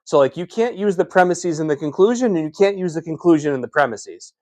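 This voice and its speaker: A man's voice: fairly high pitch, lively intonation, fast, mellow, no echo. A man in casual chat, arguing his point and filling his talk with "like". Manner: argumentative, fills with "like".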